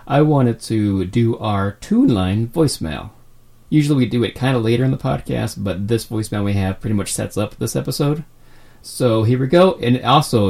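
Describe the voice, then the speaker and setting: A man's voice: medium pitch, creaky, darkish tone. A young man hosting a casual podcast, joking loosely and rambling between announcements. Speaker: podcast host.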